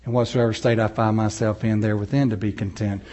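A man preaching a sermon, moving between loud, rising passages and low, slow, soft ones, chuckling often. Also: little pitch movement. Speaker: pastor.

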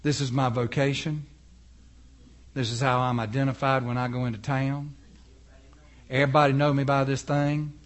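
A man's voice: mid-range voice, little pitch movement, moderate pace, pauses often, pitched below the performer's own voice, natural voice. A male preacher voicing Moses as a humble, earnest shepherd.

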